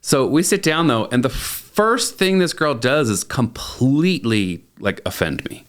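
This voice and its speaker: A man in his thirties hosts a relaxed podcast chat, spinning an anecdote with a mid-range voice. He talks animatedly and breaks into short chuckles. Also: medium pitch, unhurried. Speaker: podcast host and plastic surgeon. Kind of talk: casual storytelling chat.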